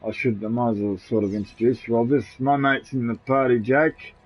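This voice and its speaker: A man with an Australian accent rambles casually through a live game stream, with plenty of swearing and laughter as he talks to his mates. His voice sits at an ordinary mid pitch. The stream audio sounds dull and lo-fi, with faint game music underneath. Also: fairly quick. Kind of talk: casual live-stream chat while gaming.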